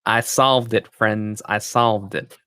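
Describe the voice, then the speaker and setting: A man's voice: lowish voice, steady tone, slow pace, sharp tone, smooth. A man hosting a live stream off camera, chatting in an upbeat way with viewers. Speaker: stream host. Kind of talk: casual live-stream chat. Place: off-camera, remote.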